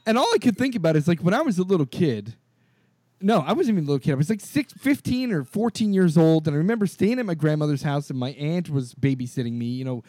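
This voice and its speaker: A man co-hosting a podcast, telling stories in an animated, profane way and acting out the quotes. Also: fairly high pitch, no echo. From California. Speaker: podcast co-host. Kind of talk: casual chat.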